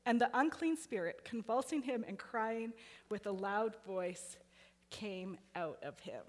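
A woman's voice: mid-range voice, unhurried. A woman preaching a sermon in a conversational way, asking her listeners questions. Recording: hall reverb.

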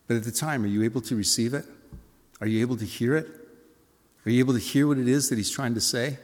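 A man's voice: mid-range voice, quick pace. Male preacher in a reverberant hall. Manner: expressive preaching, acting out voices and rhetorical questions. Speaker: pastor. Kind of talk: sermon.

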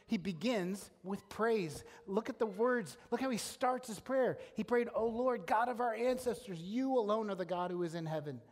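A man preaching a sermon as a pastor, earnest and emphatic, often restarting his phrases. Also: sits high. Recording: long hall reverb.

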